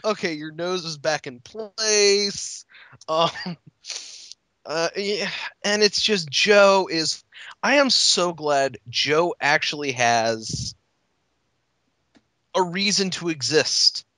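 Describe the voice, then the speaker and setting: A man chatting casually on a podcast, rambling through his points with swearing and bursts of laughter. His voice is bright and forceful, set a little high. The sound is dry and close. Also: slow pace, long pauses, dry recording. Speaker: podcast co-host. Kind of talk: casual chat.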